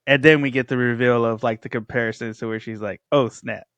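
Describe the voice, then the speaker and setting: A man's voice: medium pitch, steady tone, fast, fairly bright tone, smooth, no echo, muffled recording. Easygoing man co-hosting a podcast. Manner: easygoing, agreeable, laughs along. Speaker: podcast co-host. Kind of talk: casual chat.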